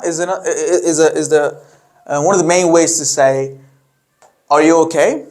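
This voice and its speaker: A man with a slightly high voice teaches a beginner lesson at an unhurried pace. He often pauses on fillers and restarts his sentences. When he models phrases for learners to repeat, his pitch rises. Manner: explains slowly with many fillers and restarts. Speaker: French teacher.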